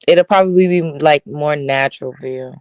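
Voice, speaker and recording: A woman chatting in a relaxed, low-key, sleepy way, lying at home in bed. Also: moderate pace, clean tone, no echo, clean studio sound. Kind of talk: casual chat.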